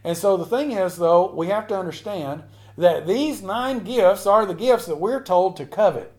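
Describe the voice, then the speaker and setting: A man's voice: high voice, lively intonation, moderate pace, a little mellow. A man preaching a sermon as a pastor, building up to emphatic repeated lines.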